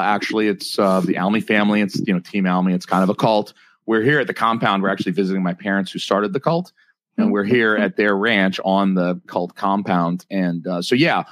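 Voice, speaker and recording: A man in his thirties hosts a podcast livestream, his voice on the low side with no echo. He rambles through crude comedic banter, joking constantly and restarting his sentences again and again.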